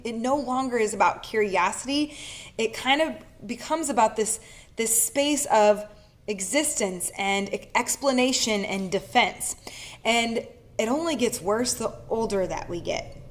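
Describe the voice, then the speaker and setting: A woman giving an earnest, casual coaching talk to camera, speaking in an animated way that breaks into quick laughs now and then. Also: a little high. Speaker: speaker and leadership facilitator.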